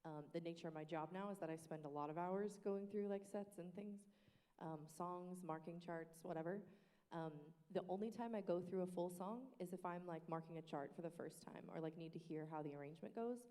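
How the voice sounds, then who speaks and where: Lively woman speaking in an echoing hall. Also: on the low side, a little fast. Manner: lively and expressive, breaking into sung demonstrations. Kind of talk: casual panel discussion. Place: church worship space. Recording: echoey hall reverb.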